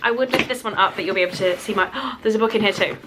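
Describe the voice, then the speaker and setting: A woman's voice: medium pitch, fast, background noise. A young woman chatting to camera at home as a book vlogger, effusive and talking to her pet between thoughts. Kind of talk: casual chat to camera.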